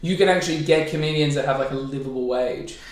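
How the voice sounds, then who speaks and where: A man's voice: mid-range voice, fast talker, distant mic. A man hosting a podcast, chatting casually and teasing his guest. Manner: teasing, joking. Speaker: podcast host. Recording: roomy echo.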